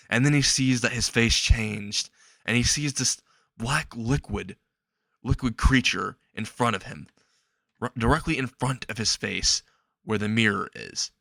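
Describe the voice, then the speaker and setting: A man improvising the narration of a fan-fiction story, in a halting, repetitive way with frequent restarts. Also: lowish voice, creaky, fairly bright tone, dry recording.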